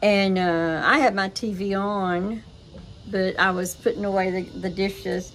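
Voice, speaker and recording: A woman's voice: mid-range voice, steady tone, a little slow, fairly bright tone, slight background noise, rough recording. An older woman chatting casually to her viewers, telling rambling stories full of fillers. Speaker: vlogger.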